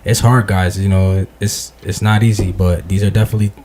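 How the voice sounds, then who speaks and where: Man, podcast host, low mellow voice, halting, hesitant, faint hiss. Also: steady tone. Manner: halting, hesitant, many fillers and restarts. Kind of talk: casual podcast talk. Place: podcast studio.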